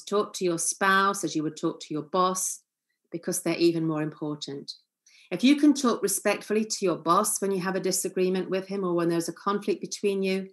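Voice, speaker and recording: A woman giving a calm, earnest seminar lecture as a family therapist, acting out short example lines. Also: lowish voice.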